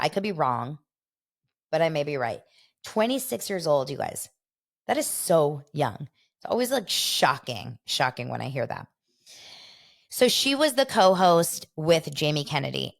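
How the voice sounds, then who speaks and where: A woman hosting a casual gossip podcast, telling a story with lively retelling of who said what. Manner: animated storyteller, acts out quotes in a higher voice. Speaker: podcast host.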